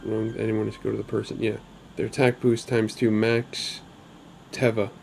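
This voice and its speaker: A man's voice: lowish voice, little pitch movement, moderate pace, vocal fry, darkish tone, slight background noise. A man hosting his own gaming channel, talking casually over gameplay in a chatty, upbeat way with rambling asides.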